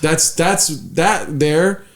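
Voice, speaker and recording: Extremely slow and a little high in pitch, a man who is a podcast co-host and stand-up comic tells a story casually. He's animated and curses, relying on fillers and letting his sentences trail off.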